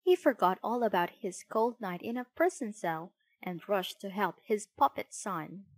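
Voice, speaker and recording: Woman storyteller, lively melody, slow pace, dry close sound. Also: medium pitch, dry recording. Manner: expressive, unhurried. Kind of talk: children's storybook narration.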